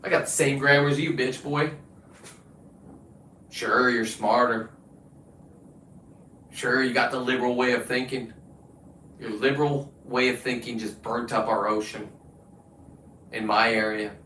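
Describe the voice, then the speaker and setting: A man's voice: mid-range voice, steady tone, a little slow, long pauses, sharp tone, slight background noise. A man hosting his own show, delivering a combative, boastful, profane rant. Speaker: show host. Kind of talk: profane ranting monologue. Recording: roomy, distant from the mic.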